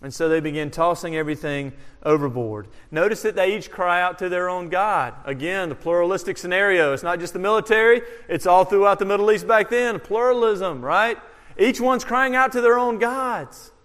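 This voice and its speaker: A man with a high voice preaches a verse-by-verse sermon. He leans on rhetorical questions and moves between raised exclamations and hushed, slow remarks. His voice rings out with a long echo in a large hall. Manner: animated, rhetorical questions, swings from loud to hushed. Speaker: pastor. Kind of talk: expository sermon.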